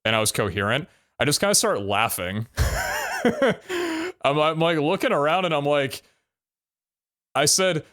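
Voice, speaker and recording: A man's voice: a little high, lively intonation, a little slow, pauses often, fairly bright tone. A young adult man streaming live, telling a story casually, full of laughs and casual swearing.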